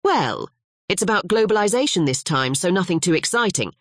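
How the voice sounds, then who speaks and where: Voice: mid-range voice, very animated, fairly quick, no echo, clean studio sound, voice pushed up. A narrator voicing a teasing Swiss-Italian professor. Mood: casual. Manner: jokey, easygoing banter.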